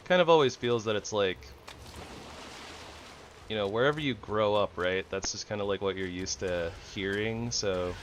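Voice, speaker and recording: A man's voice: on the low side, moderate pace, fairly bright tone, slight background noise. A young man chatting casually and rambling while he plays a game, chuckling often. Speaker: gaming streamer. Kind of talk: casual gameplay chat.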